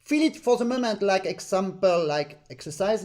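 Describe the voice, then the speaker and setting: A man's voice: sits high, expressive, normal speed, hardly any pauses, a little mellow. A man teaching an accordion master class in an online lesson, earnest and demonstrative, repeating points to stress them and singing rhythms in syllables. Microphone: online lesson stream.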